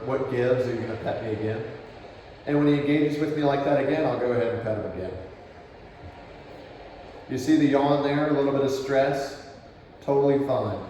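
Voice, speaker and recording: Casual male trainer, mid-pitched, talking through a demo; distant camera audio with echo. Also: a little hiss or hum. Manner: relaxed, praising the dog in a soft low voice. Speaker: dog trainer. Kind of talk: explaining while demonstrating.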